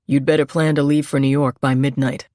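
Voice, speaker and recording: A woman narrator voicing a steely male agent who speaks crisply and in a businesslike way. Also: medium pitch, little pitch movement, a little fast, darkish tone, no echo, studio quality, natural voice.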